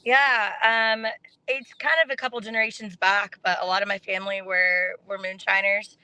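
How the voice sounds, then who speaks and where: A young adult woman from North Texas, chatting casually as a guest on a podcast and telling her story in a relaxed way. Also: medium pitch, normal speed, clean tone. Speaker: contestant guest.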